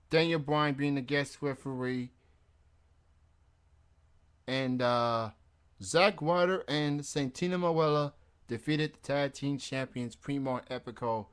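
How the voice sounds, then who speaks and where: A man's voice: medium pitch, clean tone. A man hosting a wrestling radio show in casual chat, rambling and laughing at his own jokes.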